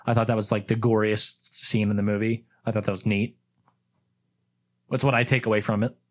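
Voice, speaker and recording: A man in an everyday voice leads a relaxed movie chat with friends. He works through a list of questions in a loose, offhand way. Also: lowish voice, fairly quick. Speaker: podcast host running the questions. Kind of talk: casual movie review chat.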